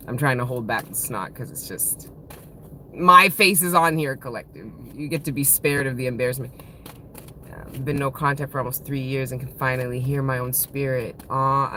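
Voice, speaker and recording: A woman's voice: extremely low pitch, bright, forceful tone, slight background noise. A woman in her thirties giving a casual live-stream tarot reading, swearing freely, laughing often and talking with open emotion. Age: 30s. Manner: profane, laughing, emotional and playful. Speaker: tarot reader.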